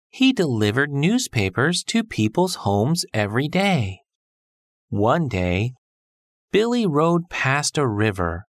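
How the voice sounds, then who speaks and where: A man reading children's stories aloud slowly and clearly for English learners. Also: mid-range voice, no echo, studio quality. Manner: slow, clear, storybook reading. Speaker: textbook audio narrator.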